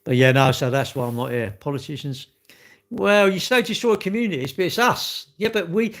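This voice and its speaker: A middle-aged man chats casually with his viewers, rambling from one thing to the next in a cheeky, joking way. His voice sits a bit high for a man and swings up and down a great deal as he acts out quoted exchanges. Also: expressive, fairly quick, fairly bright tone. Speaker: livestream host reading chat.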